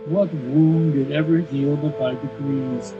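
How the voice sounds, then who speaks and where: A man reading a scheming male villain aloud in a hushed, conspiratorial voice, for an amateur play read over a video call. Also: on the high side, steady tone, slow pace, music in the background. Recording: dull lo-fi video call audio.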